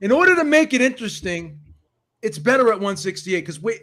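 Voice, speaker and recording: A man hosts a loose chat, teasing the others and cutting in fast. His voice is high and very animated. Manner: teasing, quick interjections. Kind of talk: casual chat.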